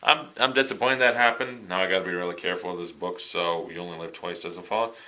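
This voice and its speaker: This man talks fast with fairly even intonation, his low voice pushed and bright, as he enthusiastically rambles through reviews of his new films. The casual vlog is self-recorded on a handheld camera in low quality.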